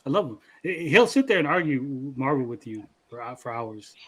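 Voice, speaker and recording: A man hosting a podcast, telling a story in casual chat, animated and profane, repeating words as he goes. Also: mid-range voice, moderate pace, breathy edge. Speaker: podcast host.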